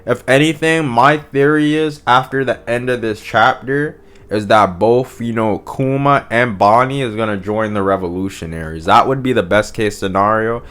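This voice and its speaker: A young man talks through a manga chapter in loose, profane slang at an ordinary middle pitch. He rambles, circles back and restarts his sentences as he reacts. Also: normal speed, a bit bright, clear, resonant tone. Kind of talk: casual commentary.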